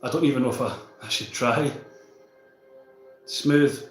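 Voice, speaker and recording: A man's voice: mid-range voice, a little slow, pauses often, reverberant, soft background music, low-quality recording. Chatty Scottish man streaming live. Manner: chatty, reads out and answers viewer comments. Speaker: livestreamer. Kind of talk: casual livestream chat with viewers.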